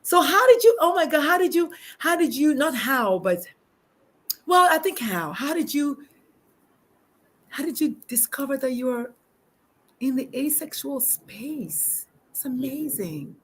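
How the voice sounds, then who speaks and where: A middle-aged woman hosting a live-streamed casual chat from her backyard, bubbly and animated, laughing often and restarting sentences. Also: high voice, unhurried. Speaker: talk show host. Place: backyard, outdoors.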